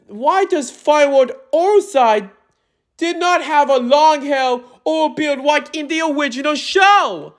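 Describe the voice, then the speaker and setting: A young woman with a high-pitched voice rants through a movie review, exasperated and emphatic. She talks slowly and deliberately, then often breaks into shouting. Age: young adult.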